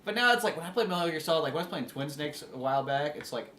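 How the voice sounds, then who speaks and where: A man's voice: a little high, expressive, very fast, bright, forceful tone, reverberant, a little hiss or hum. A man co-hosting a podcast in casual chat, rambling and swearing with lots of fillers. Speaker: podcast co-host.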